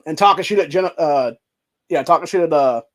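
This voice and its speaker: A man's voice: on the high side, fairly quick. A young man hosting, ranting angrily and profanely, peppering his talk with dude and bro. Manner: profane, heated, heavy filler words like dude and bro. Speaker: commentary host. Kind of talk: angry political rant.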